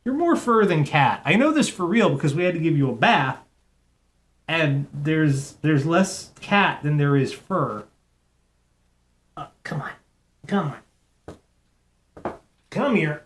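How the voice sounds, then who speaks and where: A young adult man hosting a casual live internet radio show, cooing softly in baby talk to his cat between announcements. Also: fairly high pitch, lively intonation, takes it slowly, pauses often.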